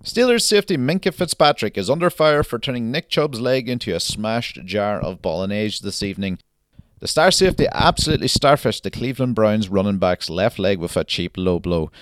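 A man voicing a brash mock TV newsreader who reads the headlines in a loud, punchy way. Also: on the low side, lively intonation, brisk, dry recording, studio quality, lightly acted. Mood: mock-serious.

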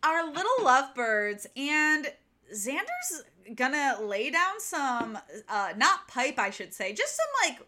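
A woman's voice: high-pitched, sing-song, slow, bright, forceful tone, slight background noise. A young woman co-hosting a casual book podcast, chatty and sarcastic, full of "like" and "um". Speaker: podcast co-host. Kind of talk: casual book-club chat.

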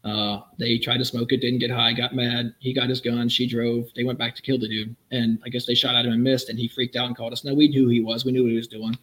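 A middle-aged man and former police officer rattles off his stories at a quick clip. He is wry and vivid, his pitch sits mid-range for a man, and he tells each tale like a practiced raconteur. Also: level tone, fairly bright tone, poor audio. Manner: brisk, vivid, wry storyteller. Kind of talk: anecdotal storytelling in a conversation.

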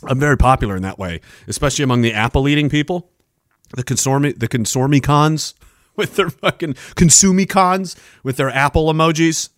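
A man's voice: a little high, brisk, a bit bright, no room sound, studio quality. A middle-aged man, hosting a casual livestream, rambling and joking as he reads out chat messages. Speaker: livestream host. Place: home studio. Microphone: boom-arm studio mic.

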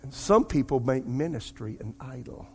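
Husky pastor preaching. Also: male voice, medium pitch, moderate pace. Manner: animated storytelling, addresses congregation as "y'all". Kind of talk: sermon with personal story.

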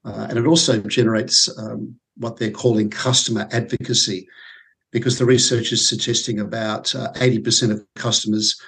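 Speaking at normal speed, this Australian man in his forties, a sales consultant, is a guest in a relaxed podcast interview. His voice is fairly low, flat, and fairly bright with a breathy edge, and he works through ideas using lots of fillers and repetitions.

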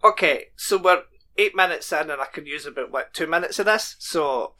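Bright-voiced bantering podcast man. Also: fairly high pitch, moderate pace. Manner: bantering, dry, laughs often. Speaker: podcast co-host. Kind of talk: casual podcast chat.

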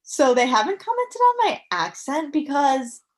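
A woman's voice: sits high, big pitch swings, moderate pace. A young woman in her twenties, chatting as a guest in an interview, upbeat with lots of fillers. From United States. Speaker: guest, professional athlete. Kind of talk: casual interview chat.

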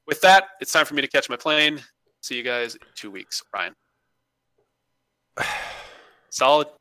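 A man co-hosting a podcast, reading listener emails and bantering in a joking, animated way. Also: mid-range voice, measured pace, clear, resonant tone, no echo. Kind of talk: casual podcast chat. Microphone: home microphone on a remote call.

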